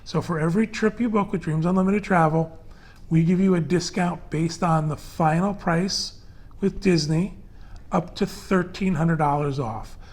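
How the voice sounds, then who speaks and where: A man's voice: a little high, moderate pace, a little mellow. A man hosting a casual panel podcast, talking loosely with fillers as he walks through prices and details step by step. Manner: chatty, loose and conversational with many fillers. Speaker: podcast host.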